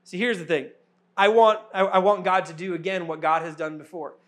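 High-voiced earnest preaching man. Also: steady tone, fairly quick, a bit bright. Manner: earnest, repetitive preaching cadence. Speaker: pastor. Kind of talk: sermon.

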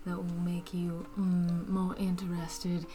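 A woman's voice: lowish voice, monotone, slow pace, background noise. A woman playing a tabletop game, asking blunt, direct questions. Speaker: player. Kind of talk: casual tabletop play.

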